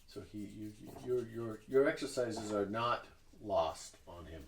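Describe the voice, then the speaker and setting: Casual, rambling male dungeon master, animated, recorded in an echoey room. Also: fairly low pitch, unhurried. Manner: casual, rambling with many fillers. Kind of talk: narrating a tabletop game. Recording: echoey room with faint noise.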